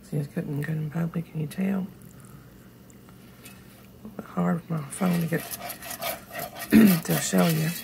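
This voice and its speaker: A hoarse woman, chatting to viewers while she cooks in her home kitchen, filmed on a handheld phone. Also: sits low, steady tone, measured pace, long pauses, background noise. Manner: chatty, talks straight to viewers. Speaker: home cooking channel host. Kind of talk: casual cooking demonstration. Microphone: phone held in one hand.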